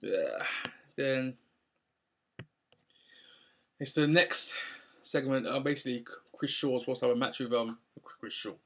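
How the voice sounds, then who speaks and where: A man's voice: mid-range voice, a little slow, pauses often, fairly bright tone. A young man recapping a wrestling show in a casual, rambling way with lots of ums. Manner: rambling, many ums and restarts.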